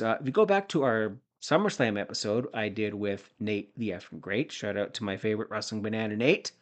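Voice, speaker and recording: A man from Canada in his forties, hosting a podcast and recapping old wrestling episodes in a rambling way, with jokey asides and shout-outs. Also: fairly low pitch, expressive, moderate pace, few pauses. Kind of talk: casual recap commentary.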